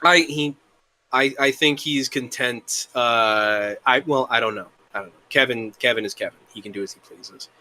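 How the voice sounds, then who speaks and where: A young man talking casually as an interview guest, rambling and halting, with the occasional curse. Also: medium pitch, sharp tone. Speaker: guest, worldbuilding creator.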